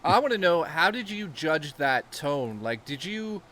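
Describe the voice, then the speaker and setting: A man's voice: on the high side, very animated, a little slow, a bit bright. A man hosting a casual stream chat, talking enthusiastically and swearing casually. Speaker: stream host.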